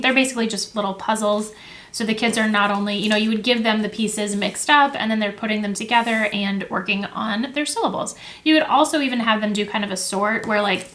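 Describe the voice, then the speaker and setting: A young woman teacher with a slightly high voice explains classroom activities to camera. She talks in a casual, friendly way, with plenty of fillers and quick self-corrections. She sounds close to the camera, seated at a table indoors. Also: a bit bright. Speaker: teacher and education video host.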